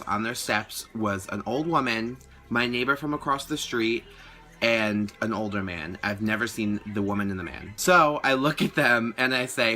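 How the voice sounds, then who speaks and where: A teenage young man telling a storytime vlog in a casual, indignant way, swearing a lot and saying "like" constantly. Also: mid-range voice. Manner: casual, heavy swearing, lots of "like"; indignant, animated retelling. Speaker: vlogger.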